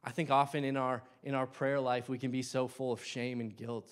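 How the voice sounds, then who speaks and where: A young man preaching a sermon in a church, impassioned, swinging between loud bursts and hushed asides. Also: mid-range voice, little pitch movement, normal speed, few pauses. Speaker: lay preacher.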